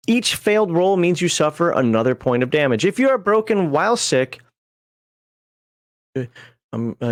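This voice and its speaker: A man's voice: high-pitched, no room sound. Chatty rambling man streaming, dry sound. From American Upper Midwest. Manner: rambling, chuckles often, goes off on tangents. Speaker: streamer reading game rules. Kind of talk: casual livestream rules read-through.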